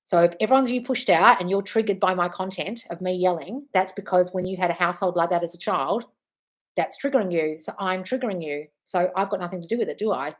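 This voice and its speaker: A woman manifestation coach answering viewer comments on a livestream, blunt and profane, breaking into loud scolding rants of tough love. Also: fairly low pitch, quick pace.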